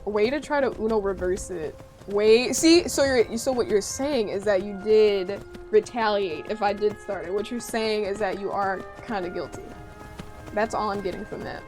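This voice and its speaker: A woman's voice: mid-range voice, normal speed. A woman livestreaming a game, chatting casually and teasing her viewers playfully. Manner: playful teasing, banter with chat. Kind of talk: casual livestream chat while gaming. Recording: game music under the voice. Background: game music.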